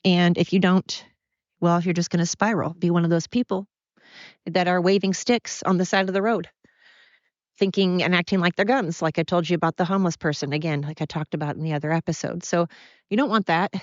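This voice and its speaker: A middle-aged woman hosts a confessional solo podcast from home, rambling, apologizing and openly emotional as she talks through her struggles. Her voice is fairly low with fairly even intonation and a brisk pace. The recording has no echo, and the high frequencies are cut off.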